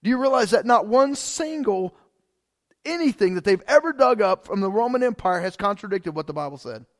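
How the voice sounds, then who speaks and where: A man's voice: high voice, lively intonation, a little fast. A man preaching a sermon as pastor, talking in a loose, conversational way with frequent repeats and fillers like "man" and "like.".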